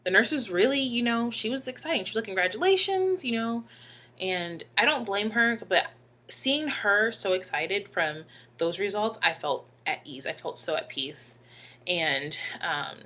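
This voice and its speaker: A young woman telling a personal story to camera in a halting, emotional way with many fillers. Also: medium pitch, bright, forceful tone. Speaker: vlogger.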